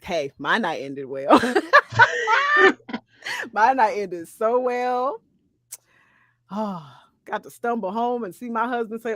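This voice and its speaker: A woman in her thirties telling a story in casual, slangy chat, animated, laughing and swearing as she goes. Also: on the high side, takes it slowly, pauses often. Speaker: podcast co-host.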